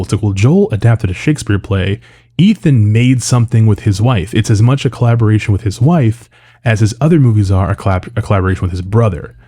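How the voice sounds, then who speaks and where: Man, low voice, casual rambling film reviewer, lots of fillers, swears freely. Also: dark tone.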